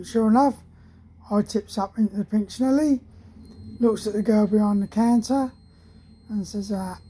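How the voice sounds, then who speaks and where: A woman in her sixties, an army veteran telling a casual, rambling anecdote with many pauses and restarts. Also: medium pitch, mellow, slightly rough, rough recording.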